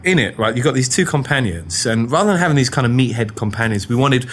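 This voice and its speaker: English man, game developer, lively storytelling, pitch jumping around, acts out voices. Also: fast, slight background noise. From England. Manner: animated, acts out voices in his stories. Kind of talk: anecdotal interview storytelling.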